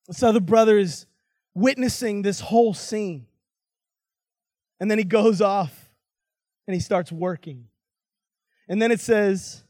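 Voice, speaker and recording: A man's voice: high-pitched, a little mellow, no room sound. A man giving a sermon as a guest preacher, telling a story in a conversational way with casual asides.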